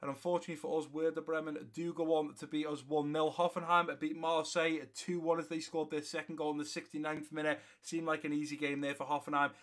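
A man's voice: fairly high pitch, fast, few pauses. A young man commentating on his own football video game, chatting to viewers and calling the action play by play. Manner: live play-by-play, grows loud and excited during match action. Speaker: gaming YouTuber. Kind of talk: gameplay commentary.

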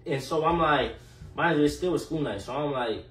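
A man telling a casual storytime in an animated, slangy way full of fillers and profanity. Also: fairly high pitch, normal speed, soft background music. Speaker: storyteller vlogger. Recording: echoey room, mic at a distance, faint noise.

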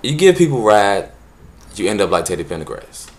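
A man with a fairly low voice tells funny everyday stories straight to the camera. He talks loose and casual and drops words. When he acts out the scenes he jumps into other voices. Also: big pitch swings, brisk. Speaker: vlogger. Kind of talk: casual storytelling monologue.

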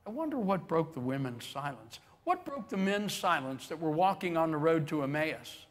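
A man's voice: a little high, sing-song, moderate pace. A man preaching a sermon as pastor, telling stories animatedly and acting out the quotes with chuckles. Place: church sanctuary with long reverb.

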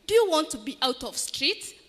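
A woman's voice: high voice, very animated, moderate pace, fairly bright tone. A woman acting out a polite, generous wealthy man in a children's story told in church. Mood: kindly. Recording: echoey church hall.

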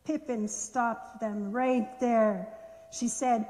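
A woman gently and expressively reading a children's story aloud in a church worship service. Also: high-pitched, a little slow, in a large hall.

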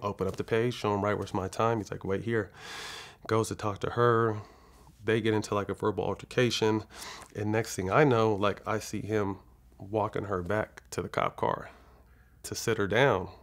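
A Californian man with a fairly low voice and fairly even intonation speaks at a moderate pace as an interview guest. He tells a long personal story frankly, swearing and acting out the dialogue, rambling and restarting often.

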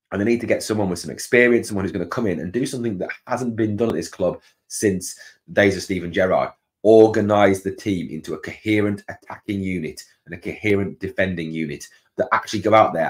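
A man hosting a fan channel, delivering a heated, angry rant to camera that builds into shouted outbursts. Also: lowish voice. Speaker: channel host.

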